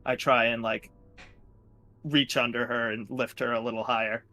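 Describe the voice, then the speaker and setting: A man's voice: mid-range voice, little pitch movement, moderate pace, pushed and bright, faint music behind. A man playing a tabletop game, hedging his character's actions with lots of "like". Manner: hedging, filler-heavy. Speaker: player. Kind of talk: casual tabletop play.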